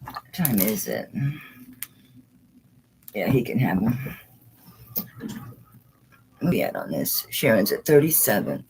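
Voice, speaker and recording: Chatty woman with a lively, swooping voice. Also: very deep voice, takes it slowly, gravelly, long pauses, a little hiss or hum, rough recording. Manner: chatty, coos at her dog between bids. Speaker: online jewelry auctioneer. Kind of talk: casual live-stream auction chat.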